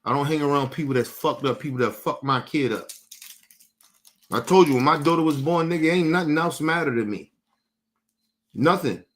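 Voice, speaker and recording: A man's voice: on the high side, normal speed, long pauses, a bit bright. A man hosting a livestream, talking bluntly and profanely to his chat in a casual rant, repeating and restarting words as he gets heated. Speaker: livestream host.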